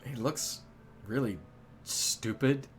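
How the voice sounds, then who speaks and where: A man's voice: medium pitch, slow pace, faint music behind. A man narrating a tabletop game as game master, rambling and hesitant with many fillers.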